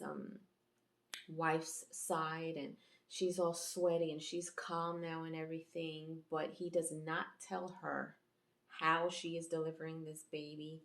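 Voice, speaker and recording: A woman's voice: sits low, roomy sound. A woman host giving a casual, chatty episode review, rambling with fillers and restarts. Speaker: YouTube reviewer and channel host.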